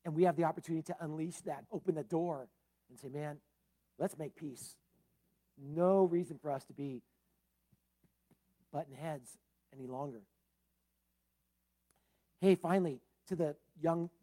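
A man preaching a sermon as pastor, swinging between loud emphasis and soft low tones, with casual asides like "man" and "uh".

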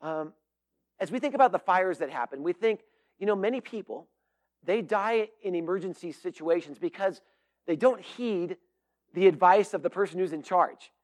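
Middle-aged male pastor with a high voice, earnest and emphatic sermon delivery. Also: normal speed. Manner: earnest, emphatic, with frequent fillers and restarts.

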